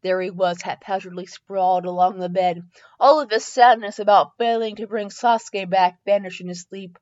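A woman's voice: medium pitch, steady tone, moderate pace, a little mellow, muffled recording. A woman host reading fan fiction aloud in a comedic dramatic style, tripping over typos and correcting herself with asides.

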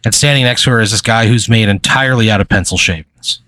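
A man's voice: on the low side, quick pace, bright, forceful tone. A man narrating a tabletop game as game master, rambling with many fillers. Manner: rambling, filler-heavy storytelling.

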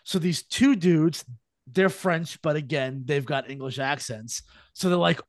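A man co-hosting a podcast, telling a story in a casual, lively way and slipping into silly mock accents. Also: fairly high pitch, measured pace, no room sound, studio quality. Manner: animated storyteller, slips into mock British voices. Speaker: podcast co-host. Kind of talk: casual chat.

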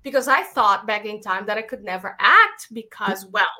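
A woman's voice: mid-range voice, expressive, normal speed, sharp tone. A young woman with a Latin American accent, a filmmaker talking animatedly in an interview and peppering her speech with "like" and "you know". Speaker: filmmaker guest. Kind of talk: casual interview chat.

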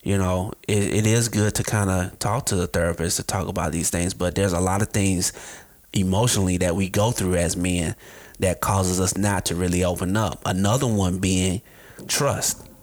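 A man's voice: sits low, moderate pace. A man in casual conversation, acting out dialogue as he tells stories. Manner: animated storyteller acting out dialogue. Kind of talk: casual chat.

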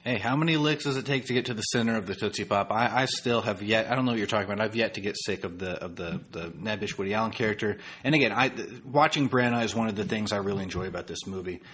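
Husky-voiced man discussing films. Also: on the low side, quick pace, few pauses, a bit bright. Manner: thoughtful, quotes critics' reviews, frequent restarts. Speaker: podcast co-host. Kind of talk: casual film discussion.

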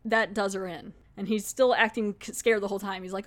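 Recapping a TV episode in a chatty, relaxed way, a female podcaster laughs occasionally and breaks into brief acted bits. She speaks at a medium pitch with fairly even intonation.

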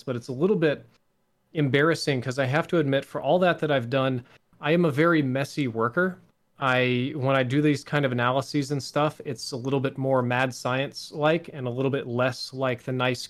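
A man talks at length as a guest in a casual interview, in an articulate voice he has trained over years. He tells stories with dry, self-mocking wit. His pitch sits in the middle for a man. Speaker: guest, gaming content creator.

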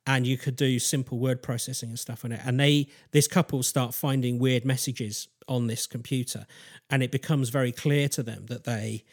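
A man's voice: mid-range voice, steady tone. Rambling man telling a story. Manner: rambling, halting, with fillers and restarts. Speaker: podcast host. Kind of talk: casual chat, storytelling.

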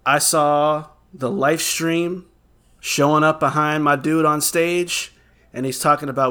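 A man in casual podcast chat, telling a gaming memory in an animated way and swearing freely. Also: fairly high pitch, normal speed.

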